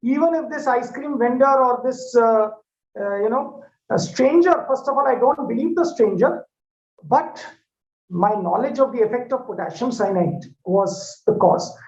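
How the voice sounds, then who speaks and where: A man with an Indian English accent giving a devotional talk in a satsang hall, telling stories and addressing listeners with many filler pauses. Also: extremely high pitch, darkish tone. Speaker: spiritual speaker. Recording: echoey dull lo-fi hall recording.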